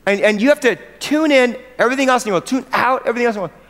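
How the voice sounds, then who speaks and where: A high-pitched American man preaches to fellow church leaders in an earnest, emphatic way, often putting questions to the room. His voice rings out with a long echo through a large hall. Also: rapid-fire, a bit bright. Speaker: pastor addressing church leaders. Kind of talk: sermon.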